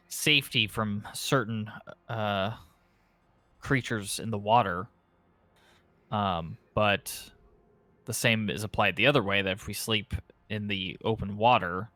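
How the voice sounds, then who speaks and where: A man's voice: on the low side, sharp tone, no echo. A man running a tabletop game as game master, explaining options with many ums and restarts. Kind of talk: running a tabletop game over a live stream.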